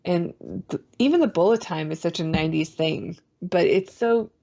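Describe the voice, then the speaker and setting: A woman's voice: fairly low pitch, normal speed, warm tone. A woman co-hosting a casual film discussion, enthusiastic and teasing. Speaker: co-host. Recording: dull lo-fi sound.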